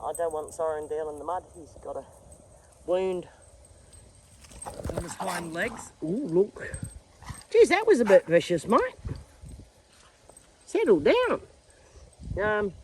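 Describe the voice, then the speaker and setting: A middle-aged Australian woman narrates a casual, down-to-earth vlog while working outdoors on her farm, filming with a handheld phone. Her voice is deep, and the low-quality recording carries a little hiss or hum.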